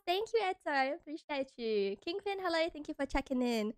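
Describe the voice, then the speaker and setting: Giggly high-voiced American woman streamer. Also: very animated, brisk, no room sound. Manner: playful, giggly, chatty with viewers. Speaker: vtuber streamer. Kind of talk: casual chat stream.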